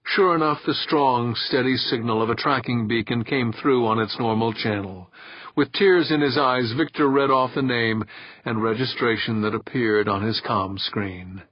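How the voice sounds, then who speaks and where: A man with a husky, mid-pitched voice reads a novel in measured storytelling. The sound is dry, close, and dull. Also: no room sound. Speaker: audiobook narrator. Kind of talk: scripted narration. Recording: dull lo-fi audiobook recording.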